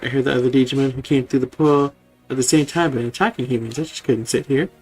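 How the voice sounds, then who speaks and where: A man voicing a kind male healer Digimon, reading game dialogue aloud in a polite, hurried way. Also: mid-range voice, fairly even intonation, a little mellow, faint music behind, lightly acted. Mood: caring.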